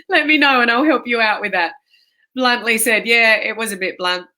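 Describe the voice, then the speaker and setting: A woman's bright, forceful voice, pitched a little high, moves at normal speed as she hosts a live video chat. She's an online fitness coach, teary and emotional from a migraine, calling out viewers by name.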